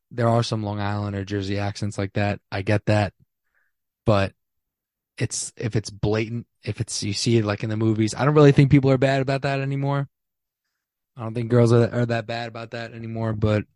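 A man's voice: mid-range voice, fairly even intonation, moderate pace, pauses often, a little mellow, dry recording, clean studio sound. Blunt, slangy young man on a podcast. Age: 20s. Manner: blunt, slangy and emphatic, with frequent restarts. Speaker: podcast host. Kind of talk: casual solo podcast chat. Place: small apartment.

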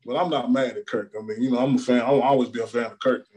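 A man from Illinois, an R&B singer, chatting casually as an interview guest over a video call, relaxed with lots of fillers and laughter. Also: mid-range voice, fast talker, slightly rough. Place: room in a cousin's house.

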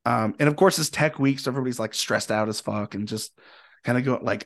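Young guy rambling thru a band story, animated, cusses a lot, average pitch. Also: brisk, creaky. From Indiana, US. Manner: rambling, animated, swears freely. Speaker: podcast guest, musician. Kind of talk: casual storytelling.

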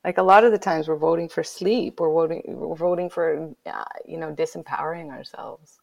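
Gravelly woman, lowish voice, tells her story all animated, drops to whispers then gets loud. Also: moderate pace, dull audio. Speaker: guest, author. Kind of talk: emotional personal storytelling.

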